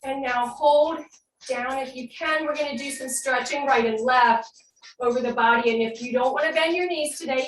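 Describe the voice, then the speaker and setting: A woman instructor guiding an online fitness class with calm cues, then leading slow breath work and affirmations. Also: high voice, distant mic. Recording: echoey room, voice from off-mic, faint hum.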